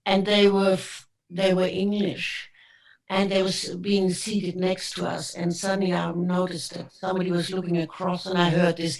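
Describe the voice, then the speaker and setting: A woman in her seventies with a German accent, telling rambling, animated stories as an actress guest. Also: lowish voice, normal speed, vocal fry. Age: 70s. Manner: animated, rambling with many restarts. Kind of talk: casual anecdotal storytelling. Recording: roomy, distant from the mic.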